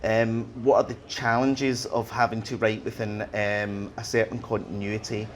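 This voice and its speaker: A man's voice: lowish voice, flat delivery, moderate pace, a little hiss or hum. A man interviewing a guest for a fan society, asking questions hesitantly with many fillers.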